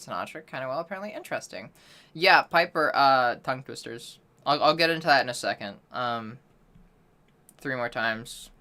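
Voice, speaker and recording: A woman's voice: very deep voice, expressive, normal speed, bright, forceful tone. A woman streamer chatting loosely during a voice-training session, swearing casually and apologizing for being out of practice. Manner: self-deprecating, apologetic about being out of practice.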